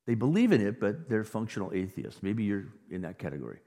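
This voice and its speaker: A man preaching a sermon as pastor, animated, dropping to quiet asides and rising to loud emphasis. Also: fairly low pitch, fast. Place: church sanctuary. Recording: long reverb of a large hall.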